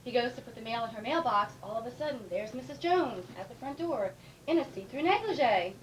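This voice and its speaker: A woman with a fairly high, very animated voice tells a joke at a casual live gathering. She speaks without a microphone and is heard from a distance over clear background noise. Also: fairly quick. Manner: lively joke delivery, laughing through it. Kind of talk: casual stand-up joke telling. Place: live informal comedy gathering.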